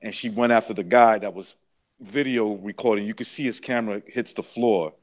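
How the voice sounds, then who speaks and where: A man with a lowish voice talks in brash, blunt banter. He is crude and sure of himself, and he cuts in quickly with opinions. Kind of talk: casual chat.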